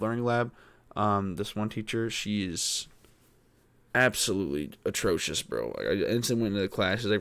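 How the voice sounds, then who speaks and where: A man's voice: lowish voice, animated, normal speed, a bit bright, clean tone, no echo. A teenage boy hosting a podcast, venting in a frustrated, rambling way with lots of swearing. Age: teens. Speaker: podcast host. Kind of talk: casual venting monologue.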